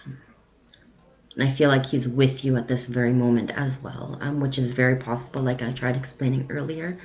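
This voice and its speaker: A woman psychic medium giving a live-streamed reading in a soft, halting delivery with frequent pauses and ums. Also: rumbling low, fairly even intonation, poor audio.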